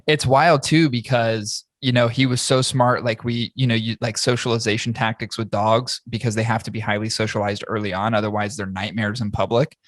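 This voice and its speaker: A man's voice: on the low side, a little fast, few pauses, no echo. Man, podcast host, casual profane chat, dry close sound. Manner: profane, animated storytelling.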